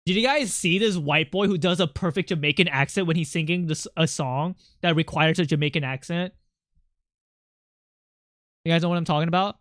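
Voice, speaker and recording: A livestreamer chatting casually with viewers, rambling and excitable, jumping from topic to topic. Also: mid-range voice, fairly quick, no room sound, clean studio sound.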